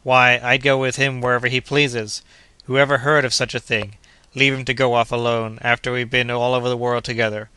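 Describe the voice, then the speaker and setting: A man's voice: mid-range voice, level tone, brisk, sharp tone, clear, resonant tone, no room sound, close to an everyday voice. A man voicing a cheerful, loyal young manservant who talks eagerly and respectfully in an audiobook. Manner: eager, respectful, says sir often.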